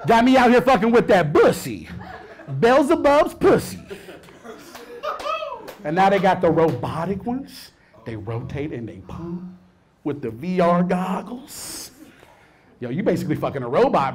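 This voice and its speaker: Animated high-voiced man doing stand-up. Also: moderate pace, long pauses. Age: 30s. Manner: animated, swings between mumbled asides and loud outbursts. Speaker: stand-up comedian. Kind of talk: stand-up comedy set.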